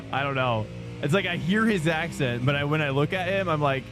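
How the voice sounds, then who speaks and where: A man's voice: fairly high pitch, animated, moderate pace, music in the background. A young man streaming a sim race live, rambling and chatting with viewers. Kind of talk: live stream chat while racing.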